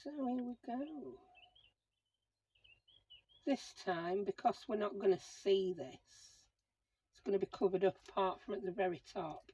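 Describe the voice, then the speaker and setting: This crafting channel host, a middle-aged woman, chats to herself through each step of a craft project in easygoing commentary. She speaks in a mid-range, dark-toned voice at a measured pace with long pauses. The poor recording carries a little hiss or hum.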